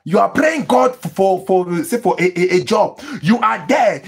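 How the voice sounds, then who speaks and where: A pastor preaches in emphatic bursts and repeats himself. His voice sits high and leaps all over, with a husky, gravelly edge. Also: very animated, normal speed, few pauses. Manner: emphatic preaching with repetitions and sudden high exclamations; mimics people praying in tongues. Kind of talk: sermon.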